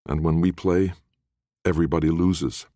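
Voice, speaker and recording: Deep-voiced man narrating a fantasy audiobook. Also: moderate pace, no room sound, studio quality. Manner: expressive storytelling. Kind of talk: scripted narration.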